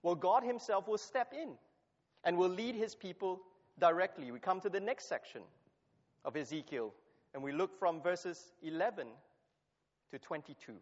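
A man's voice: high-pitched, animated, normal speed. Preacher man in an echoing hall. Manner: emphatic, repeats key phrases for stress. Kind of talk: sermon with scripture reading. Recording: long hall reverb, dull lo-fi sound.

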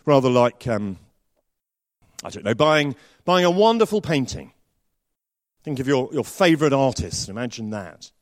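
Lively-voiced male preacher. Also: medium pitch, normal speed, pauses often, no room sound. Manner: storytelling with varied, lively delivery. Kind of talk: sermon.

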